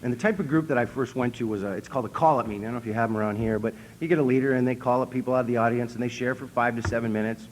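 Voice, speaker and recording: A man with an Upper Midwest American accent giving a humorous recovery talk from a convention stage, telling stories in a deadpan, self-mocking way and acting out what people said. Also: mid-range voice, very fast, few pauses, slight background noise. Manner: storytelling, deadpan self-mocking, acts out quotes. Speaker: speaker at an AA convention.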